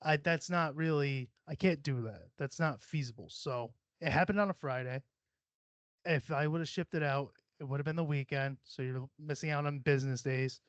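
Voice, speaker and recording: A young adult man talks straight into a close mic in a rambling solo podcast, blunt and full of profanity. His voice sits a touch high for a man, and the sound is dry and slightly dull. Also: moderate pace, dry recording. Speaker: podcast host. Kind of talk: casual solo podcast monologue. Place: small cluttered home room.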